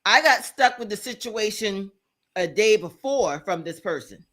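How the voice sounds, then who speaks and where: A woman co-hosting a podcast, telling a story in casual chat, blunt and animated and laughing often. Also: mid-range voice, unhurried. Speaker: podcast co-host.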